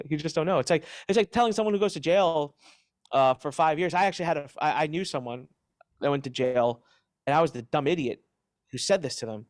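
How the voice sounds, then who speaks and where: Emphatic, animated man in an interview. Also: a little high, fairly quick, no room sound, clean studio sound. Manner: emphatic, animated retelling with restarts. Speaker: interview guest. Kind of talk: candid interview answers.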